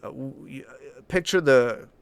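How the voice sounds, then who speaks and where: A man's voice: mid-range voice, unhurried, smooth. Blunt, swearing man ranting. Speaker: channel host. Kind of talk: casual opinion commentary, answering viewer chat.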